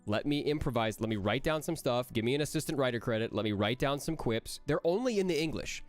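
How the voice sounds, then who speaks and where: A man, a voice actor, answering chat questions on a casual livestream in an energetic, rambling way that jumps between jokes and praise. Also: medium pitch, fast, faint music behind.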